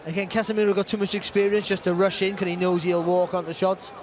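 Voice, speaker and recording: High-voiced boxing pundit. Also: male voice, level tone, quick pace. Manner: chatty, filler-heavy, restarts often. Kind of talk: expert fight analysis. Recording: commentary mix with loud arena noise.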